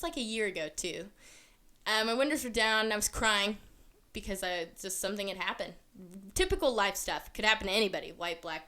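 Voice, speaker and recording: A woman hosting a podcast, talking through her views in an earnest, conversational way. Her voice is bright and crisp, with a clean, smooth tone. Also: mid-range voice. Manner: earnest, explanatory, lots of fillers. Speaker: podcast host. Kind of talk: casual commentary.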